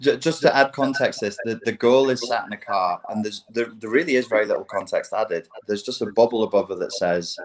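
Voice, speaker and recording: A man's voice: fairly low pitch, brisk, hardly any pauses, a little hiss or hum, rough recording. A man co-hosting a casual chat, speaking wryly and laughing easily. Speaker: podcast co-host.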